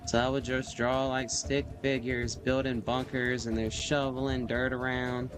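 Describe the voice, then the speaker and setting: Over music, a man hosting a livestream draws while casually rambling through a story, peppering it with fillers and sound effects. His mid-range voice is flat and measured in pace.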